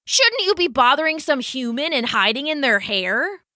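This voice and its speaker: A woman's voice: sits high, sing-song, normal speed, sharp tone, no room sound, clean studio sound, pitched above the performer's own voice, full character voice. A woman voicing a grumpy, imperious male fly who rules a tiny castle, scoffing at visitors. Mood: haughty grumpy.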